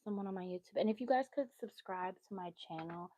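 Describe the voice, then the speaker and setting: A woman's voice: mid-range voice, fast, warm tone, no room sound, lo-fi sound. A woman giving a casual tarot reading on a livestream, chatty and easily sidetracked, with motherly asides. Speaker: tarot reader.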